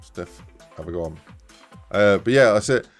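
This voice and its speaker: A man's voice: on the low side, lively intonation, moderate pace, faint music behind. A man in his thirties, casually telling a rambling anecdote on a live stream, laughing often.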